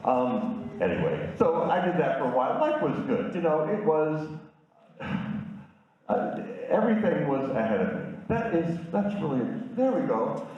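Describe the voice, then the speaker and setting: A man's voice: fairly high pitch, sing-song, measured pace, darkish tone. Speaker in his 60s, self-mocking storyteller, roomy distant sound. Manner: candid, self-deprecating humor. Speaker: speaker at a community event. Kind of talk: personal storytelling talk with slides. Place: community event room. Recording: echoey, distant, dull room sound.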